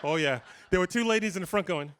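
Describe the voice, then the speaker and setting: Speaking fast in a bright-ish, high-sitting voice, a man in his fifties tells casual stories at a guitar shop clinic room to a live crowd. His storytelling rambles, pokes fun at himself and is full of restarts.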